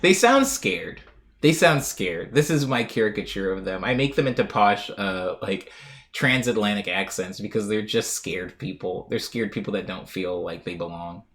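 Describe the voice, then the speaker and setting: A man's voice: lowish voice, moderate pace, fairly bright tone. A young man streaming live, reading viewer comments aloud and riffing on them in a rambling, jokey way with frequent laughs. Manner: rambling, jokey, laughs often, trails off on tangents.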